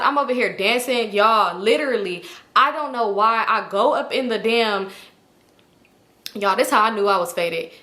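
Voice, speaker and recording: A woman telling a storytime in a casual, animated, slangy way with lots of swearing. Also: fairly high pitch. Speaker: storytime vlogger. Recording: echoey room.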